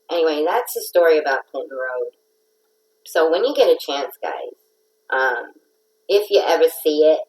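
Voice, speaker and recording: A woman's voice: low voice, low-quality recording. A middle-aged woman hosting a casual livestream, telling a rambling, playful story. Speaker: host of a craft livestream.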